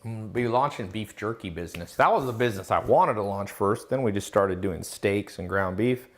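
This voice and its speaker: Speaking a little fast at a fairly low pitch, this male host runs a laid-back live Q&A. Viewer questions from the chat get read aloud first, and he follows with confident, emphatic, lecture-style answers full of rhetorical questions.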